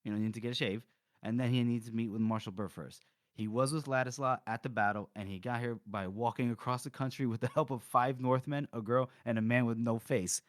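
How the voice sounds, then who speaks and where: A man of mid pitch recaps a novel's chapters in a relaxed, chatty way, sliding into quick impressions of the characters. He is close to the mic, with a dry, dead sound. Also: dry recording. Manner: recaps scenes, acting out characters' lines. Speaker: podcast co-host. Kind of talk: casual book-discussion chat.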